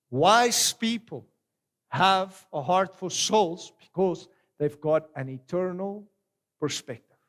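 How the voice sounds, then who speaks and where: A middle-aged man preaching a sermon, animated and swinging between loud exclamations and quiet storytelling. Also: a little high. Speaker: pastor.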